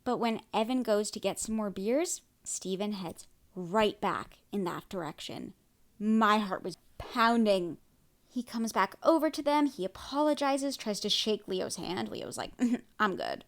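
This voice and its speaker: A woman hosting a podcast, recapping a TV episode in casual chat, reacting excitedly with lots of fillers. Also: mid-range voice, a little slow. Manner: excitable, reacts loudly with gasps and exclamations; chatty, many "like" and "um" fillers. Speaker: podcast host.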